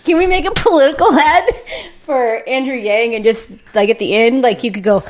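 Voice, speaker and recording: A woman's voice: fairly high pitch, moderate pace. A woman co-hosting a podcast, giggling and joking playfully in casual banter. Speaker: podcast co-host.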